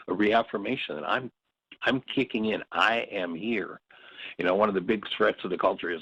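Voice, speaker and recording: A man's voice: sits low, brisk, creaky, a bit bright, slightly rough, dry recording, highs cut off. A man teaching a workshop, telling stories and slipping into short acted quotes. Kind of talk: reflective spoken teaching.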